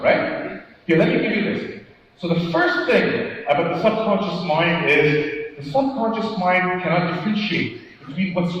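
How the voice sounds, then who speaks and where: A man giving a motivational keynote talk at a conference, animated, putting questions to the audience and acting out quotes. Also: sits high, slight background noise. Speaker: keynote speaker. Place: large conference hall. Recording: echoey hall, distant mic, dull sound.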